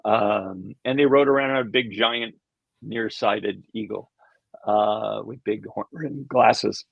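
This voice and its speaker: A man's voice: on the low side, takes it slowly, creaky, husky, dry recording. An older man, an animation creator, telling rambling anecdotes in a casual interview, chuckling and acting out quoted voices. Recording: dull lo-fi sound.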